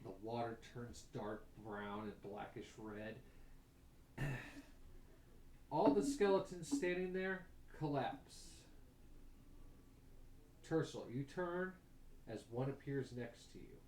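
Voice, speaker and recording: A man's voice: mid-range voice, animated, slow, long pauses, darkish tone, a little hiss or hum. A man running a tabletop game as game master, telling gory scenes with vivid detail and chuckles. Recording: echoey room.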